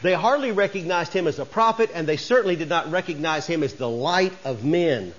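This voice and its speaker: A man's voice: on the high side, expressive, brisk, highs cut off. A man preaching a sermon as pastor, folksy and conversational, rising to emphatic bursts.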